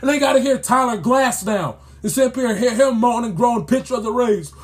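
High-voiced man ranting and scolding. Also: a little fast. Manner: exasperated, repetitive, scolding. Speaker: sports commentator. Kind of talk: ranting commentary.

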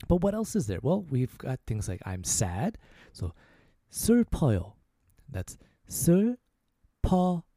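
A man with a deep, mellow tone hosts a relaxed language lesson. He speaks close to the mic in a dry, dead room and slows right down to repeat each phrase. His pitch rises and falls a lot as he models every word. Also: dry recording. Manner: slow, repeated demonstration of phrases. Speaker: language teacher, podcast host. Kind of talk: casual spoken language lesson.

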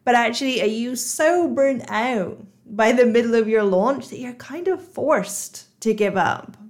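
A woman's voice: a little high, lively intonation, a little slow, darkish tone. A woman with a Bristol accent, hosting her own podcast as a hypnotherapist and coach, talking casually with many fillers. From Bristol, England. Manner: chatty, frequent "you know" and "like" fillers. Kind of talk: solo podcast monologue.

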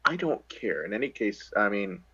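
Low husky-voiced man chatting. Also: sing-song, normal speed, pushed and bright, no room sound, highs cut off. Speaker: podcast co-host. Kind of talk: casual chat.

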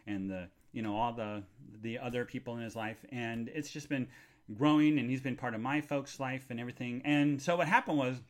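A man hosting a live podcast, rambling with lots of fillers and restarts, excitable and bursting into joyful shouts. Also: mid-range voice, fairly quick. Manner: excitable, shouts and squeals with joy. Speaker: podcast host.

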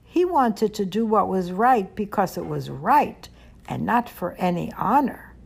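A woman reading a children's story aloud, gentle and expressive. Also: medium pitch, a little slow, gravelly, husky.

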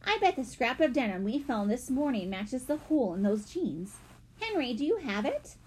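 A woman voicing a gentle, soft-spoken young girl. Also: high voice, very animated, normal speed, a little hiss or hum, pitched above the performer's own voice. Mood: curious.

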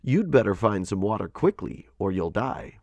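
A man voicing a cruel frog in a storybook parable, low, hushed and taunting. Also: big pitch swings, moderate pace, no room sound, studio quality. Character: cruel teasing frog, croaking and menacing.

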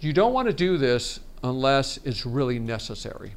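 Chatty male workshop presenter with gravelly voice. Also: mid-range voice, big pitch swings, moderate pace. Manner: chatty, frequent restarts and laughs. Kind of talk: casual seminar teaching. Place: conference meeting room.

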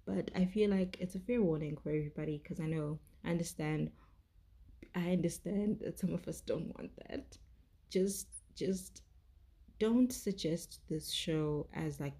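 A young woman reviewing a TV show in casual chat, chatty and effusive, with many "like"s and a gravelly voice. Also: low voice, mellow.

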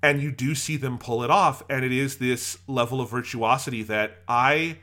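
Gushing bright-voiced man. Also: mid-range voice, normal speed. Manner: animated, gushing, acts out his own reactions. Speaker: podcast co-host. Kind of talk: casual anime discussion podcast.

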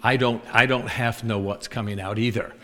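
A male preacher with a lowish voice tells a story during a sermon at a moderate pace, animatedly acting out both sides of the dialogue. The recording carries a long hall reverb.

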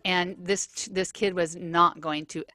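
A woman's voice: on the low side, takes it slowly, no room sound, clean studio sound. A woman teacher chatting on a podcast, telling classroom stories and acting out what was said. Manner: storytelling, animated, acts out quotes. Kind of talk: casual podcast chat.

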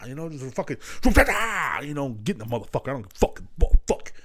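On his solo podcast, a young man rambles in a very animated, fairly quick, slightly bright medium-pitched voice. He swears constantly and drifts loosely from one story to another.

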